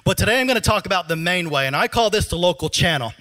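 A middle-aged man preaches a sermon from a church stage with a handheld mic, his voice high and bright. He talks in an animated, joking way, and his throat troubles him, so he clears it often. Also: fast talker, soft background music. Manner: animated, joking, laughs at his own asides. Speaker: pastor.

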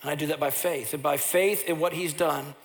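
A pastor preaching a sermon, telling personal stories, and at times rising into loud impassioned preaching. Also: male voice, on the high side, fairly even intonation, a little fast, gravelly.

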